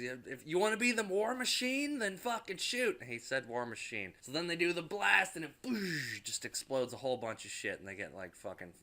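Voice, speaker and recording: A man's voice: mid-range voice, bright, forceful tone. A man casually recapping a movie in rambling, profane talk with frequent restarts. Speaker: movie reviewer.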